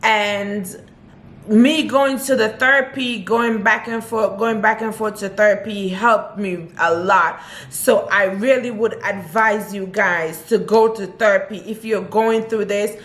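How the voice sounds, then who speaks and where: A woman's voice: mid-range voice, fairly even intonation, unhurried, a bit bright. A young woman vlogger talking earnestly and from the heart to her camera, often repeating her advice. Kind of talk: personal talk to camera.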